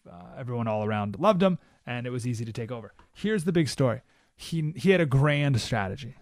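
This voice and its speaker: A man hosting a talk radio show, delivering an animated monologue and acting out quoted voices with sudden jumps in pitch. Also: no echo, studio quality.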